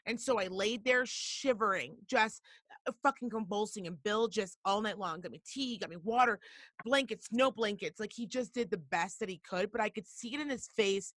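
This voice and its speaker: A woman hosting a talk show, telling a story in a blunt, profane and animated way. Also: mid-range voice, normal speed, no room sound, clean studio sound. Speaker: podcast host. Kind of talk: casual storytelling.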